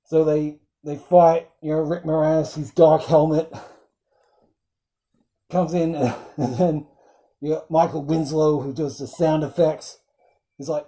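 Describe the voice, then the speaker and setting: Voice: medium pitch, little pitch movement, unhurried, mellow. A film reviewer talking casually, rambling with many fillers and fondly quoting film lines. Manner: fond, quotes film lines.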